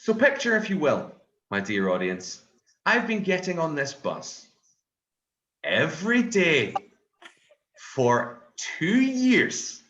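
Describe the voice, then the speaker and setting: A Scottish man performing a stand-up comedy set, telling a story in an animated way and swearing often. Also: on the high side, slow, pauses often, echoey room, dull audio. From Scotland.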